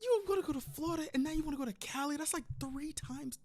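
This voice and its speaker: A woman's voice: sits high, quick pace, darkish tone. A woman hosting a reaction video, talking back at the story in an exclamatory, slangy and profane way. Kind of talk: casual reaction commentary.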